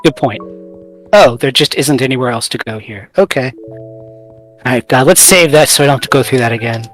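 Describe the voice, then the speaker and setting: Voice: mid-range voice, normal speed, faint music behind. A let's play host giving casual, rambling commentary while playing, often talking to themself.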